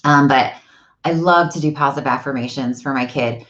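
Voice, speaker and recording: A woman's voice: rumbling low, fairly quick, highs cut off. A woman in her forties chatting casually and animatedly as a vlog host at home, telling family stories. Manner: animated storyteller. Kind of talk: casual live-stream chat. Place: home, indoors.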